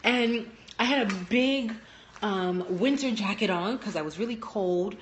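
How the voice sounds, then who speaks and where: Animated young woman telling stories. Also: measured pace, a little hiss or hum. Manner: animated storytelling, acting out quotes with big pitch jumps. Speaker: teacher and live-stream host. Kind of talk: casual live-stream monologue. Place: at home. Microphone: phone.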